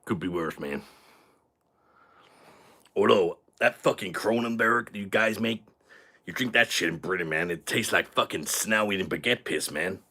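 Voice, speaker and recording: Staying in character on his live stream, the host plays a rowdy, swaggering drunk who brags crudely and grows tipsy from repeated shots. He exaggerates a very low, husky voice that still has a bright, forceful bite, speaking at a moderate pace with frequent pauses.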